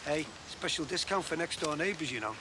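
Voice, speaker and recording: A man's voice: on the high side, expressive, brisk, close to an everyday voice. An actor playing a cheerful, gabby man who runs a mobile shop, with a matey, jokey way of talking. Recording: noisy TV broadcast sound.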